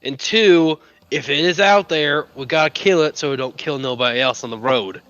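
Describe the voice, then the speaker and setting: A man's voice: fairly high pitch, moderate pace, fairly bright tone, clear, resonant tone, highs cut off. A man playing a tabletop game, blunt and urgent, swearing often. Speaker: player. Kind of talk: tabletop role-play.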